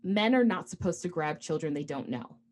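A young woman co-hosts a casual podcast chat, telling a story in a rambling way with plenty of fillers. Her voice sits a bit low for a woman. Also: animated, brisk, darkish tone, a little hiss or hum. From United States. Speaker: podcast co-host.

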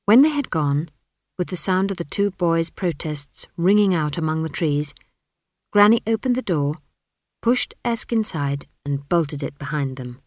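A woman narrating an audiobook in a measured, dry storytelling manner. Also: sits low, lively intonation, darkish tone, no room sound.

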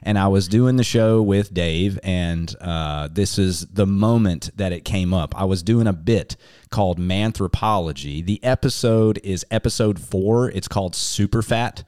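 Deep-voiced rambling podcast host man. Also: measured pace, darkish tone, smooth, dry recording, studio quality. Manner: rambling, self-interrupting and laughing. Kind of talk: casual chat.

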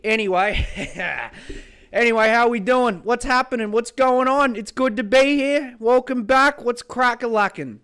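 A young Australian man hosting a casual solo podcast, swearing a lot and sarcastic, swinging between loud mock-excitement and low mutters. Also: unhurried, clean tone. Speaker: podcast host.

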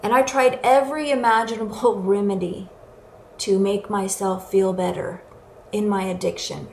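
A woman's voice: mid-range voice, fairly even intonation, moderate pace, vocal fry, a little mellow, a little hiss or hum. A woman giving an earnest, emotional personal testimony as a recovery speaker. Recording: echoey room with faint ambience.

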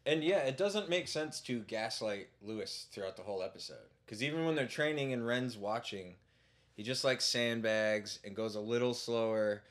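A man talking as a podcast guest in a casual, animated, joking way. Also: mid-range voice, normal speed.

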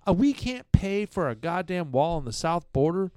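A man's voice: high-pitched, big pitch swings, moderate pace, darkish tone, smooth, no room sound. A middle-aged American man co-hosting a podcast, ranting with heated indignation. He swears freely and often restarts his sentences. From United States. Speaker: podcast co-host. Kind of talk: casual profane podcast rant.

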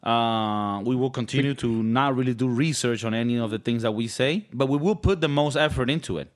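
A man's voice: mid-range voice, brisk. Joking Venezuelan-accented podcast host, a man. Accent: Venezuelan Spanish. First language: Spanish. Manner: joking, irreverent, rambling. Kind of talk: casual podcast chat.

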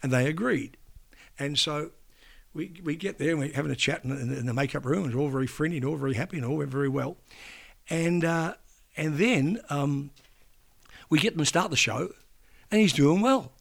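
Gravelly older man telling stories. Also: a little high, a little fast. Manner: rambling, restarts sentences, mimics people in quotes. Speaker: veteran broadcaster and interview guest. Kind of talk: casual anecdotal storytelling.

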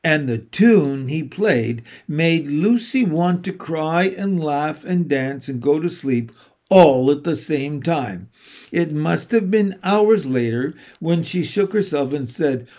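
A man reading a children's novel aloud in a measured, unhurried way. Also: a little high, expressive, a little mellow. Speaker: narrator. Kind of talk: audiobook reading.

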